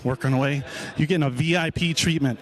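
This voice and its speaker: A man's voice: fairly high pitch, quick pace. A man hosting a walking live stream at an outdoor car show, upbeat and hyping the crowd, a little out of breath.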